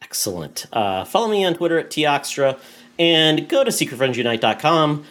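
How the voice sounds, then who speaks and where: A man's voice: on the high side, big pitch swings, normal speed, fairly bright tone. Male podcast host, jokey and upbeat, casual chat tone. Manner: jokey, wraps up with plugs.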